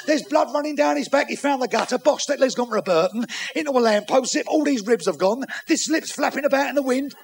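A man telling bawdy jokes on stage, acting out characters with shouts and sound effects. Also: very high voice, animated, fast, vocal fry, few pauses. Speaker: stand-up comedian. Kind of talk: bawdy stand-up joke telling.

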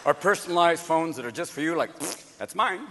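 A man performing a stand-up comedy set, manic and rapid-fire, often shouting. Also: fairly high pitch, a faint crowd. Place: large live venue. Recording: live concert hall with audience. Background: audience noise.

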